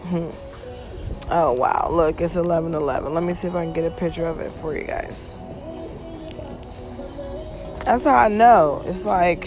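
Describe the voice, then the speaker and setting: A woman hosting her own podcast, talking in a blunt, profane, rambling monologue and yawning often. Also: mid-range voice. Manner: frequent yawning. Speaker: podcast host. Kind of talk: casual monologue.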